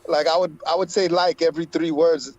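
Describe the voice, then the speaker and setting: A man's voice: a little high, flat delivery, fairly quick, no room sound, dull audio. A man co-hosting a livestream, telling rambling personal anecdotes in casual chat. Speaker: livestream co-host.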